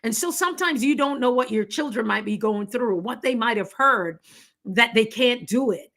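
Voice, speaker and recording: A middle-aged woman from the Caribbean hosts a casual live stream chat. Her voice sits a little high and sounds bright and forward. She laughs often and keeps the talk animated. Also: moderate pace.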